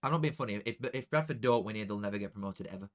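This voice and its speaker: A young man talking casually to viewers during a football watchalong, chatty and excitable, dropping into flat mutters and jumping to loud outbursts. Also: fairly low pitch, very fast. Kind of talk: casual live commentary to viewers.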